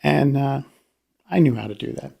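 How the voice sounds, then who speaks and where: A man's voice: medium pitch, moderate pace, vocal fry, dark tone, husky. A man co-hosting a podcast, telling a funny story in casual chat, laughing often and acting out the voices of the people in it. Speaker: podcast co-host.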